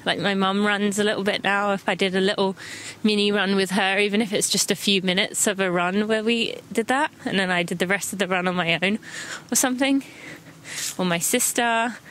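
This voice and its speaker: A woman's voice: medium pitch, steady tone, fairly quick, fairly bright tone, rough recording. An English woman hosting a running podcast, chatting casually and counting listeners into strides as she walks outdoors. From England. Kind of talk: casual audio running guide. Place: walking outdoors.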